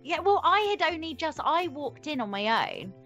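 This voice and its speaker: Female co-host, chatty interviewer, giggly, filler-heavy, a touch high. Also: sing-song, moderate pace, fairly bright tone, muffled recording, soft background music. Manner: giggly, rambling with many fillers. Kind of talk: casual interview chat.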